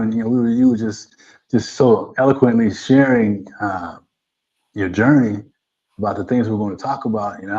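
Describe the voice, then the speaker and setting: Energetic male talk-show host, mellow tone. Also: lowish voice, dull audio. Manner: energetic, repeats "right?" to the audience. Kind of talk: live online talk show hosting.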